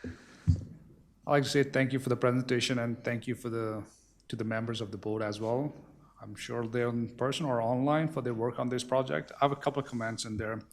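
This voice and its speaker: A man with a mid-pitched voice speaks earnestly as a councillor, using many fillers. His remarks come in a steady, plain manner. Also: brisk. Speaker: town councillor.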